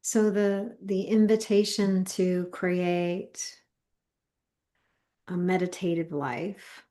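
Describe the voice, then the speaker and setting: A woman co-hosting a spiritual session, talking in a calm, measured way. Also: lowish voice. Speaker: co-host and spiritual teacher. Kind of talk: spiritual talk.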